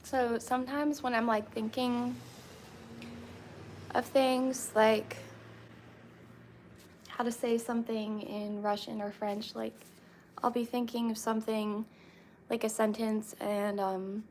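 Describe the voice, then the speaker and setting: A young woman chatting casually with viewers, rambling with lots of fillers and pauses. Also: a little high, flat delivery, a little mellow, a little hiss or hum. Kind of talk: casual chat.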